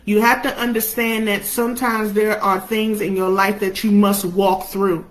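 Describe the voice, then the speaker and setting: A woman's voice: mid-range voice, level tone, moderate pace, poor audio. A young adult woman preaching a sermon, impassioned, her delivery rising and falling with emotion.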